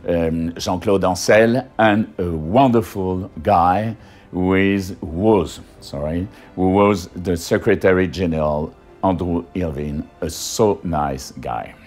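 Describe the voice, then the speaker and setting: A man's voice: low voice, takes it slowly, a little mellow, soft background music. A man with a French accent, giving a hesitant interview testimony full of fillers and restarts. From France.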